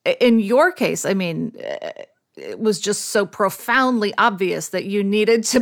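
Woman co-host, mid-pitched voice, chatty and admiring. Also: very animated, measured pace, gravelly. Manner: admiring, warm praise of guest. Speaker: podcast co-host. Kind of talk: interview chat.

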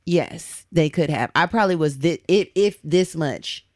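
A woman co-hosting a podcast, telling a story in an animated, blunt, casual way and swearing freely. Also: low-pitched, unhurried, no echo, clean studio sound. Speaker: podcast co-host.

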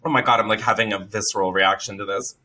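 Young male podcast host, animated storyteller, bright tone. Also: lowish voice, slight background noise. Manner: animated, swearing, laughs a lot. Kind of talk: casual storytelling.

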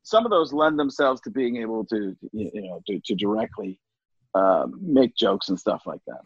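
Brief: husky, lively man in casual interview, dry dull lo-fi sound. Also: lowish voice, moderate pace, no echo. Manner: animated, jumps into voices. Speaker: comedian guest.

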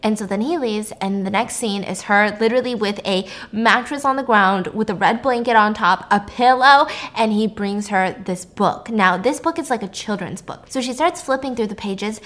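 Animated young woman recapping a film. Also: a little high. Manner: animated, jokey, acts out lines. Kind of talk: casual chat.

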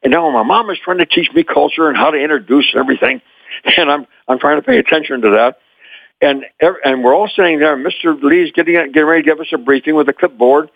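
Lively older man on a phone line. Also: fairly high pitch, fast, creaky, no room sound. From Memphis, Tennessee. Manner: animated, chuckles often. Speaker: guest, former child actor. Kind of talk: anecdotal storytelling.

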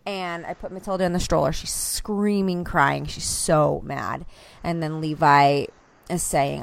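Woman, 30s, podcast co-host, expressive and gravelly, swears casually, dry close mic. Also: sits low, unhurried, no room sound. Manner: animated storyteller, swearing freely, acting out her kids' voices. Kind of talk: casual chat among friends.

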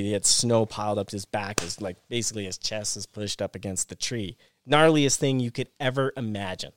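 A man's voice: fairly low pitch, clean tone, no room sound, clean studio sound. A middle-aged man, a former pro snowboarder, retelling an avalanche rescue as a podcast guest in a rush of restarts and repeated phrases. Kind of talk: casual storytelling interview.

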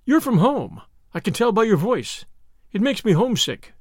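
A man voicing a frightened but brave young woman who speaks in a high, pleading, emotional way. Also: wildly swooping pitch, moderate pace, vocal fry, husky, no room sound, studio quality, full character voice. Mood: tearful.

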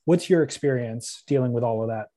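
Male interviewer, relaxed rambling questions, mellow dark tone. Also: mid-range voice, fairly quick.

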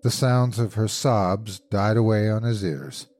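A man narrating a classic horror story in a measured, grave way as host. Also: on the low side, a little mellow, soft background music. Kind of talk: scripted narration.

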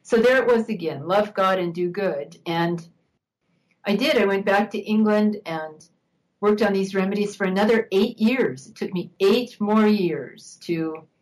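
An older woman, an interview guest, telling a personal story in a reflective, unhurried way, laughing now and then. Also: medium pitch, rough recording.

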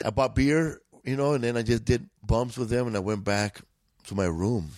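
Slangy, profane LA comedian. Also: male voice, medium pitch, normal speed, darkish tone, dry recording. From East Los Angeles. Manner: profane, laid-back, drawling street slang. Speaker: guest comedian. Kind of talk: casual storytelling.

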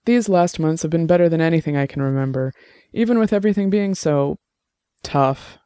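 A man voicing a blunt, conflicted middle-aged man in an audiobook drama, talking in a halting, earnest way. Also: a little high, warm tone, clear, resonant tone, no room sound, clean studio sound, pitched above the performer's own voice, close to an everyday voice.

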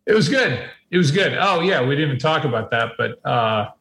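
A man's voice: mid-range voice, lively intonation, fairly quick, a bit bright. A man who works as an announcer, chatting casually on a podcast and telling stories about himself in a self-mocking way.

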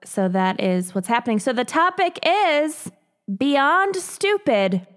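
A woman's voice: a little high, big pitch swings, moderate pace. A woman co-hosting a chatty podcast, introducing the show and laughing easily with her friends. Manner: giggly, chatty. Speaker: podcast co-host. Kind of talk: casual chat.

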